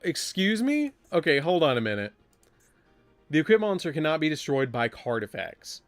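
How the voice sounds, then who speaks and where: A man's voice: a little high, lively intonation, brisk, no room sound, faint music behind. A man casually chatting while streaming a card game live, rambling and breaking into surprised exclamations.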